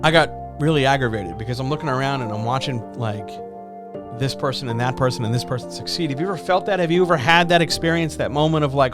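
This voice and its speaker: A man in his forties talks over music in his small home studio, his voice sitting at a middle pitch. He hosts a live stream in a loose, self-deprecating way and keeps asking the audience rhetorical questions. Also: fast talker. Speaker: streamer host. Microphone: studio microphone. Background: background music.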